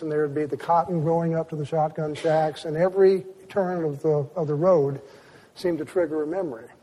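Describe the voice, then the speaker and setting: A man's voice: a little high, mellow, husky, long reverb tail. A man telling a vivid story to an audience, often stopping and restarting his sentences. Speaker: speaker. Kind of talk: storytelling lecture.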